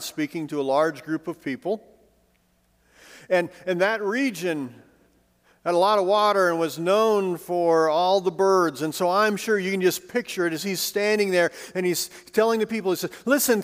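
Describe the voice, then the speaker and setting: Man preaching in a reverberant hall. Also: fairly high pitch. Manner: swings from emphatic to hushed, soft delivery; conversational with asides and light humor. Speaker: pastor. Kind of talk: sermon.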